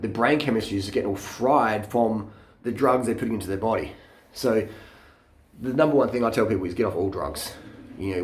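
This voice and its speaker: A man's voice: mid-range voice, echoey room. A man, vlogging into a handheld camera in a blunt, mocking rant full of swearing. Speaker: fitness vlogger. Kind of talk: profane off-the-cuff rant.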